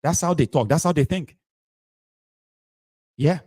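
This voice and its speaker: A man's voice: on the high side, a little slow, dark tone, breathy edge, no echo. A man with a Nigerian accent giving sarcastic political commentary, mocking and switching between English, Pidgin and Yoruba.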